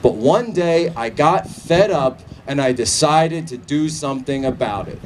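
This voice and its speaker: A man giving a political rally speech outdoors, shouting to a crowd and leading chants. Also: on the high side, expressive, unhurried, recorded from a distance. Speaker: rally speaker. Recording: loud crowd and outdoor noise. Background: cheering crowd.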